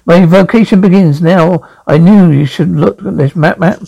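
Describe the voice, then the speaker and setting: A man voicing a wisecracking cartoon male rabbit with quick, wry quips. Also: sits high, gravelly, mellow, slightly rough, dull audio, heavily acted. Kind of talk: cartoon voice acting.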